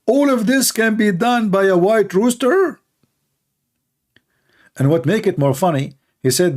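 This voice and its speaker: A man's voice: high-pitched, lively intonation, a little slow, long pauses, darkish tone. A man hosting a debate channel, giving sarcastic, incredulous commentary on religious texts.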